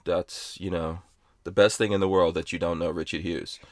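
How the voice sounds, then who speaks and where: A man's voice: sits low, steady tone, normal speed. A man hosting a podcast in a rambling, playful way, reading out chat comments. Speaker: podcast host.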